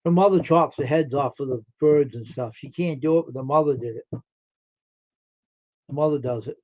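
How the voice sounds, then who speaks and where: A man's voice: medium pitch, moderate pace, darkish tone, lo-fi sound. A man hosting a live stream, chatting casually and folksily with his viewers and answering their comments.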